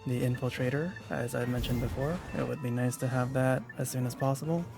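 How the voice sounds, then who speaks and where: A man giving casual let's-play commentary, thinking aloud in a relaxed way with restarts. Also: medium pitch, a little fast, creaky. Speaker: gameplay commentator. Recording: game music and sound effects behind.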